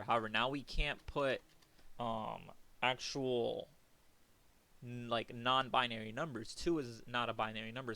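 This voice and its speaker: A young man giving a recorded coding lecture, casual and talky, thinking aloud and counting out loud as he works. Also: mid-range voice, creaky. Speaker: programming instructor.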